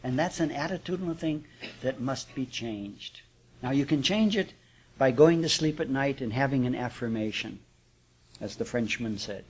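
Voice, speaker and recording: Speaking at a moderate pace with a breathy edge to his mid-range voice, a man who teaches spirituality leads a live class talk, chatting with the audience, chuckling, and making rhetorical check-ins.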